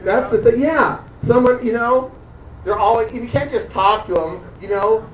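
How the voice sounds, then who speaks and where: A man doing dark stand-up comedy on a club stage, halting and hesitant, full of fillers and restarts, chuckling at his own jokes. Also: very high voice. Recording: echoey room, distant mic, audience noise.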